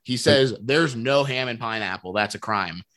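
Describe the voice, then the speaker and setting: Podcast co-host, man, mid-pitched voice, dry close mic, earnest and giggly. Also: normal speed, a bit bright, no echo. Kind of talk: casual chat.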